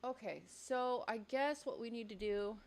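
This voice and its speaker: A woman's voice: fairly high pitch, unhurried, a little mellow. A woman hosting a casual livestream from her home studio, chatty and outspoken, swearing when annoyed, on a studio mic that picks up the room. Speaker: livestream host. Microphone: studio mic picking up the room.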